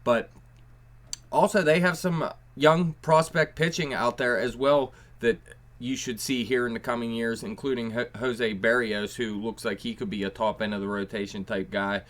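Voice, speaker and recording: A man co-hosting a sports podcast, breaking down the game in a measured, hesitant way with frequent restarts. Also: medium pitch, steady tone, fairly bright tone. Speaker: podcast co-host. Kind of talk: casual sports analysis.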